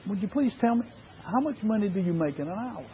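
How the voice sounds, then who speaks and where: A man preaching voices a timid six-year-old boy who softly pleads with his father. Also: high-pitched, lively intonation, fast, slight background noise. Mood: pleading. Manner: soft, pleading. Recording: tinny phone-like sound.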